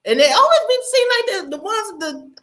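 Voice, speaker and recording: A woman's voice: extremely high pitch, big pitch swings, brisk, fairly bright tone. A woman hosting an interview, chatting casually in a laid-back way, agreeing and laughing along. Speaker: interview host. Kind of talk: casual chat.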